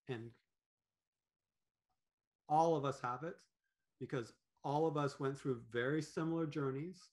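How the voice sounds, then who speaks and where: A man talking as a podcast guest in an animated, rambling way, with many fillers and restarts. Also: medium pitch, unhurried, pauses often. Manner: animated, acts out quoted thoughts in voices. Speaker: podcast guest, business owner. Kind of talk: conversational interview.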